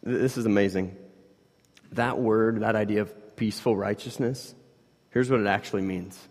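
A pastor in his 30s with a lowish, steady voice gives a chatty sermon at normal speed, dropping to near-whispers and then rising again. It's conversational, full of "like" fillers, with long hall reverb.

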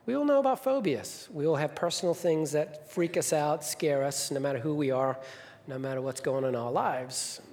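A middle-aged man preaching a sermon, telling personal stories in an animated way and acting out voices. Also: on the high side, moderate pace. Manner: animated storyteller, acts out voices. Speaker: pastor. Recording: long reverb of a church hall.

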